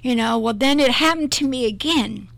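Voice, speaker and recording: A woman's voice: high-pitched, moderate pace, creaky, fairly bright tone, no echo. A middle-aged woman minister giving an earnest, emotional personal testimony in an interview, often repeating herself.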